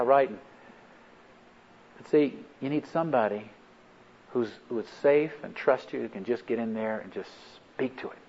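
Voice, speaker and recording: A middle-aged man giving a talk, retelling a family story in an earnest, halting way and quoting each line of dialogue. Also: a little high. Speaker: speaker. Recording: dull lo-fi recording.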